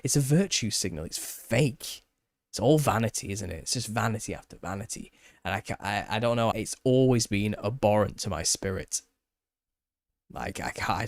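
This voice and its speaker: A man's voice: fairly low pitch, expressive, moderate pace, dry recording. A man in his thirties, a content creator, ranting passionately on camera, often repeating and restarting himself as he gets riled up. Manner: impassioned, repetitive, restarts when riled. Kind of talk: opinionated solo rant.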